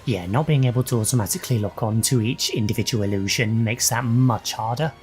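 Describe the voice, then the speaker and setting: A man's voice: medium pitch, a little fast, a little mellow, soft background music. A young adult man casually commentating his own gameplay, swearing and reacting aloud as he fights. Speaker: gaming channel host.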